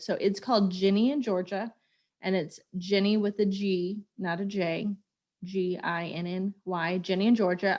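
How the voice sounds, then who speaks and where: A woman in her thirties co-hosting a podcast, chatting casually and telling stories in an animated way, laughing often. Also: medium pitch. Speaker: podcast co-host. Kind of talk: casual chat.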